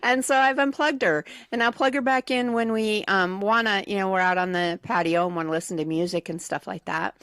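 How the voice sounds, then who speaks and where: A woman's voice: medium pitch, a little fast, few pauses, a bit bright, no room sound, studio quality. A woman co-hosting a morning radio show, talking casually with many ums and a wry humor. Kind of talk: casual on-air banter.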